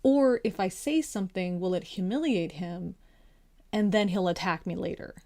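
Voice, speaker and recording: A young woman casually telling a personal anecdote, chatty and animated, acting out the quotes as she goes. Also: lowish voice, moderate pace. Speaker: storyteller.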